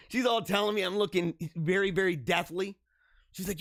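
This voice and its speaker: A man hosting a live show with children at school, chatting in an excitable, rambling way, often laughing and repeating himself. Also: high-pitched, quick pace, dry recording, clean studio sound. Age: adult with school-age children. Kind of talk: casual live-stream chat.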